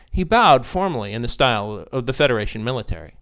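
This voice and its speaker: A man narrating a story in an expressive, animated reading style. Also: mid-range voice, quick pace, hardly any pauses, clean tone.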